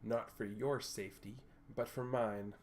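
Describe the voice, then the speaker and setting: A man voicing a self-assured wealthy male tech executive who talks in a polished, measured, slightly condescending way in a tabletop game. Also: lowish voice, fairly even intonation, a little mellow, a little hiss or hum, natural voice. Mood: composed.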